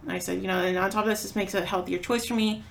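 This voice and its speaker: A woman's voice: medium pitch, steady tone, quick pace, vocal fry, a little hiss or hum. A woman co-hosting a podcast, telling a story in casual chat, acting out quotes and swearing freely. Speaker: podcast co-host.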